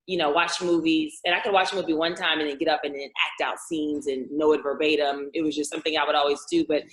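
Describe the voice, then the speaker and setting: A woman from Louisiana, an actress, chatting as an interview guest in an animated way, laughing often and acting out quotes. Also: low-pitched, fast, reverberant, low-quality recording. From Louisiana, USA. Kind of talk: casual interview chat.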